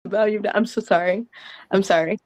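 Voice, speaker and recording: A woman's voice: medium pitch, steady tone, normal speed, a little mellow, no echo. A woman in her thirties giving emphatic, breathless reaction commentary and laughing between thoughts. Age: 30s. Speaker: co-host of a reaction stream.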